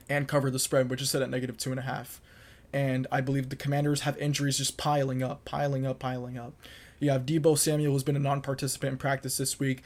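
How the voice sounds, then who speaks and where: A young man talks alone on his podcast, laying out football predictions with firm, emphatic conviction and repeating points to drive them home. His pitch sits at an ordinary middle height and barely moves, giving the delivery a level, monotone feel. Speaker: podcast host. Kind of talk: solo sports picks monologue.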